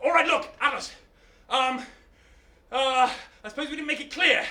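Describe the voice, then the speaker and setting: Brash young hero, storyteller puts him on; high, lively, heard from a distance in a roomy hall. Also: male voice, moderate pace, exaggerated voice. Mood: pleading. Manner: shouting, exasperated pleading. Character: brash hero Hercules, young man, impatient. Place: arts centre stage, live show. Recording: roomy hall, mic from afar.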